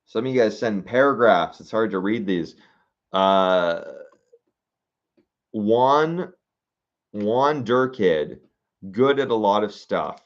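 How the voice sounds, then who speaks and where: Low-voiced young man musing aloud, lo-fi. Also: expressive, takes it slowly, long pauses. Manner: thinking aloud, musing and hesitant with fillers. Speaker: content creator reading viewer suggestions. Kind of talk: casual livestream-style chat.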